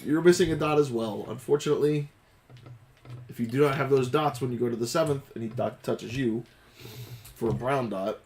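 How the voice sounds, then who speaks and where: A man's voice: mid-range voice, a little fast, darkish tone, lightly acted. A man voicing a polite, formal male cleric in a tabletop game, speaking with stiff courtesy. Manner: courteous, formal, says "sir".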